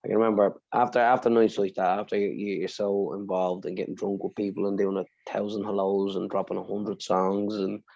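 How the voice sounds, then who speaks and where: A man on a podcast telling an emotional personal story, swearing freely and speaking with deep feeling. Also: little pitch movement, fairly quick, creaky, hardly any pauses, a little mellow, lo-fi sound. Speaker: podcast co-host.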